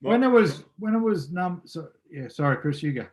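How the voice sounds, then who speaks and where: A man's voice: a little high, animated, normal speed. Blunt, joking Australian man. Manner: blunt, jokey, laughing. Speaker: podcast co-host. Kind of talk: casual chat.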